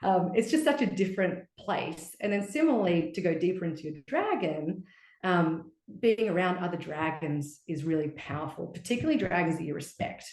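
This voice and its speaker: Expressive woman guest in an echoey room. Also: fairly low pitch, normal speed. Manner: expressive, lively, often acts out quoted voices. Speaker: podcast guest, relationship coach. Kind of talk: casual podcast conversation.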